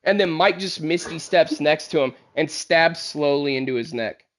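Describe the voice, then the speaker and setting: A man running a tabletop game who narrates in a loose, rambling way, full of fillers and crude jokes. His voice sits a bit high for a man. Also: moderate pace. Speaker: game master.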